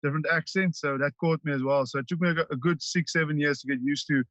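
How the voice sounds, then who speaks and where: A South African man, a native Afrikaans speaker, chatting casually as a rugby player guest, halting with many ums and restarts. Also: on the high side, fairly even intonation, fairly bright tone, dry recording. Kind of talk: casual interview chat. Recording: dull, dry lo-fi line.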